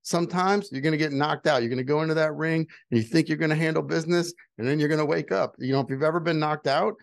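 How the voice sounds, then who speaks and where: This middle-aged man has a fairly high voice with vocal fry, talks quickly, and is recorded with no room sound. As a guest telling a personal story, he stays candid and earnest, repeating phrases and rising emphatically when he delivers motivational advice.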